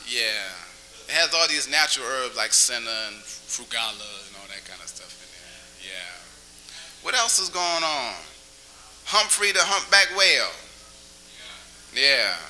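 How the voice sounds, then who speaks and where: A man's voice: mid-range voice, sing-song, a little slow, long pauses, bright, forceful tone, slight background noise, poor audio. A man doing stand-up comedy in a small cafe, chatty and teasing the audience with questions, sometimes breaking into a crooning song. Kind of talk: stand-up comedy with crowd work.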